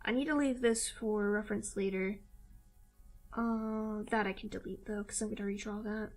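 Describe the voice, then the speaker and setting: A woman's voice: mid-range voice, steady tone, normal speed, darkish tone, soft background music. A young woman from Missouri with a mild Southern-Midwestern accent, chatting casually and giggling with her viewers while she draws on a live stream. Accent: mild Southern-Midwestern American mix. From Missouri, USA.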